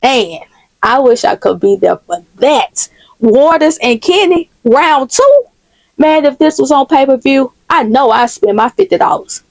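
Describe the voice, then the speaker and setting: A woman's voice: sits high, big pitch swings, a little slow, no room sound, pitched above the performer's own voice, exaggerated voice. Woman doing a hyped, trash-talking male buddy. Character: hyped, joking male best friend.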